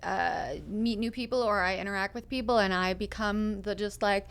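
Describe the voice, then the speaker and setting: A woman's voice: mid-range voice, fairly even intonation, moderate pace, clean tone. Self-deprecating woman host from Germany. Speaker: podcast co-host. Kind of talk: casual chat.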